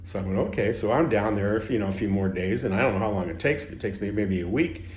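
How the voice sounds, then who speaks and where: A man's voice: on the low side, fast, roomy sound. A man telling a personal story in a rambling way, with many restarts and self-corrections. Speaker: spiritual teacher.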